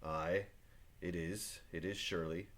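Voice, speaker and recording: A man's voice: low-pitched, fairly even intonation, measured pace, a bit bright, pitched below the performer's own voice. A man voicing John Proctor, a stubborn farmer husband, read aloud from a play with old-fashioned phrasing. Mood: earnest. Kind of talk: reading play aloud to a class.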